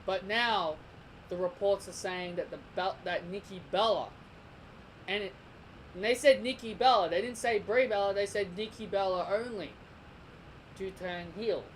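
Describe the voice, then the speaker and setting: This heated, opinionated rant comes from a young wrestling vlogger from Australia who repeats himself and keeps restarting sentences. He speaks high-pitched and a bit bright at a moderate pace, on a low-quality recording with slight background noise.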